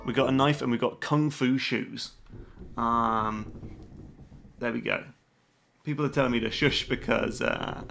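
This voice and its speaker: A man's voice: medium pitch, gravelly, fairly bright tone, slight background noise. A man on a live stream playing a game, reading its on-screen text aloud and dropping joking asides between lines. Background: game music.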